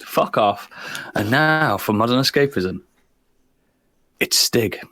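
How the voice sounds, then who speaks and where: A man's voice: mid-range voice, animated, slow, pushed and bright, dry recording. A man compering a live podcast awards show, jokey and brash.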